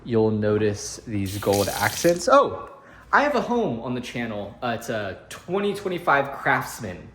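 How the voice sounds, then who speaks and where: A man's voice: medium pitch, sing-song, a little slow, a bit bright, slight background noise. A man working as a real estate agent, walking through an empty house and narrating the tour in a chatty, upbeat way with jokey asides.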